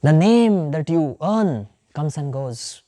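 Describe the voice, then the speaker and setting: Indian accent, woman, spiritual lecture, animated storytelling, voice swings widely. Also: sits low, takes it slowly. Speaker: yoga and scripture teacher.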